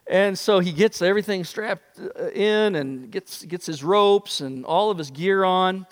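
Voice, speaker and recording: Male pastor, high-pitched, animated sermon delivery, reverberant room. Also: unhurried, few pauses. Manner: animated storyteller, acts out voices.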